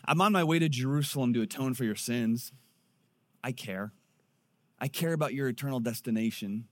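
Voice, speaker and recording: A man voicing a calm male teacher who answers a complaint in a low, measured, gently ironic tone. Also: lightly acted. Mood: gently chiding.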